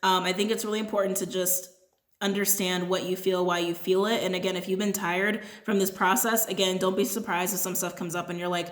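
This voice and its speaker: A woman's voice: fairly low pitch, level tone, fairly quick, roomy sound. A woman giving a casual, rambling tarot reading to her viewers, often tagging her points with "right?". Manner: chatty and rambling, with frequent "right?" asides. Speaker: tarot reader.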